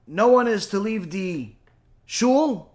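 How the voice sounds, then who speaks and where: A man voicing a calm, commanding old rabbi. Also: high-pitched, slow pace. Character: revered elderly male rabbi sage, calm and commanding.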